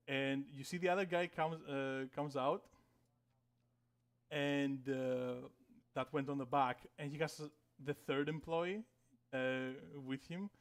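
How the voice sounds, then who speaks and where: A man's voice: mid-range voice, slow pace. A man narrating as game master in a tabletop game, casual and full of fillers and swearing.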